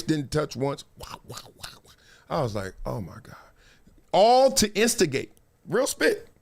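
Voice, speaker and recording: Male live-stream host, high lively voice, slangy storyteller who laughs a lot. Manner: animated, slangy, laughs often.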